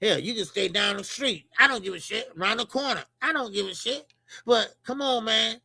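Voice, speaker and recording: A middle-aged man with a Chicago accent giving casual, profane, animated boxing commentary as a channel host. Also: sits high, moderate pace, creaky, no room sound. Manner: animated, profane, laughing banter.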